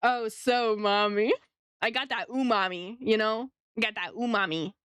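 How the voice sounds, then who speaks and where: A woman's voice: a little high, unhurried, a bit bright, clean tone, no echo. A woman streamer chatting casually with her chat while she draws, playful and teasing, laughing often.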